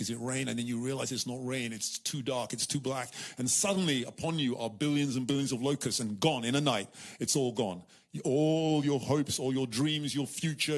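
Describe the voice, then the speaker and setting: A middle-aged man delivering a church sermon. He tells the story with animated repetition and switches into the voices of its characters as he goes. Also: medium pitch. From United Kingdom. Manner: animated storytelling, repeats words, acts out voices. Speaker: preacher.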